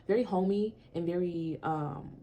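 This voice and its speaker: A woman's voice: fairly low pitch, normal speed, mellow, a little hiss or hum. A young woman chatting casually to camera in her small apartment, repeating herself and swearing now and then. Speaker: vlogger.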